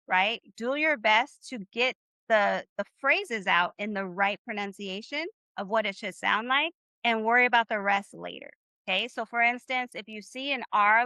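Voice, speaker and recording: A woman teaches Spanish in a live online class, upbeat and encouraging as she leads call-and-response drills where students repeat phrases. Her voice is fairly high, bright, and forceful, with no echo.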